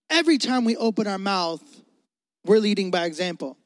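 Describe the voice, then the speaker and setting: A young man preaching a sermon to a youth congregation, animated and emphatic, repeating phrases for stress. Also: sits high, fairly quick, no room sound. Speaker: youth pastor.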